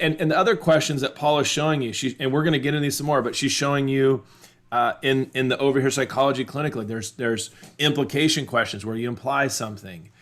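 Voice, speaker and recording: A man's voice: mid-range voice, a bit bright. A man coaching dental teams at a live seminar, emphatic and repeating his key phrases.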